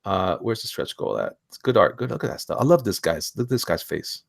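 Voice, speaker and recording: A man hosting a casual online chat about indie comics, excitable and rambling, laughing often. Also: lowish voice, a little fast, creaky. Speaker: host.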